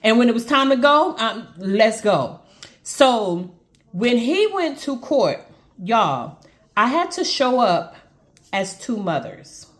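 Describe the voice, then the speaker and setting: An earnest woman with a slightly high voice tells her audience a personal story straight into the camera. She speaks in an emotional storytime monologue and keeps addressing viewers directly. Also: big pitch swings, slow. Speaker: vlogger telling a personal story.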